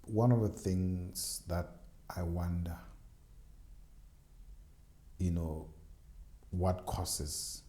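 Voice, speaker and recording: A man's voice: low voice, very slow, long pauses, dark tone. A man hosting a podcast interview, attentive and asking thoughtful questions. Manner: attentive, frequent brief affirmations. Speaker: podcast host. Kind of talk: conversational interview.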